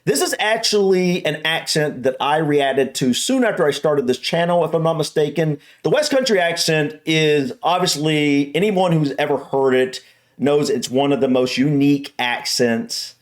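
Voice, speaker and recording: A man's voice: fairly high pitch, expressive, normal speed. Chatty American man hosting a reaction video. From United States. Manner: chatty, enthusiastic, rambling with restarts. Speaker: host. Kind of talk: casual reaction video chat.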